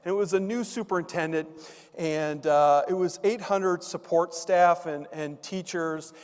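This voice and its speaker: High-voiced man telling funny stories on stage. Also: measured pace. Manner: animated, playful, audience asides. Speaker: motivational keynote speaker. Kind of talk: comedic stage storytelling. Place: large event hall, on stage. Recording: reverberant conference hall.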